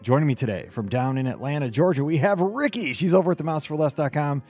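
A man hosting a podcast in upbeat chat, his voice a little hoarse from cheering. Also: on the high side, quick pace, soft background music. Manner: energetic, enthusiastic. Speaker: podcast host.

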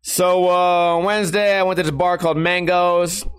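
A young man hosting a podcast, telling rambling, profane stories in a tired, low-energy way. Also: steady tone, normal speed, smooth. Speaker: podcast host. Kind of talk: casual storytelling monologue.

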